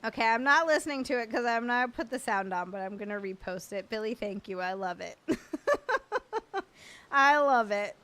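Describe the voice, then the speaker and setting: With a fairly high, fairly bright voice, a young woman talks at normal speed but very animatedly as she answers viewers on a casual home livestream. Often laughing, she stays blunt and playful, tossing out crude jokes.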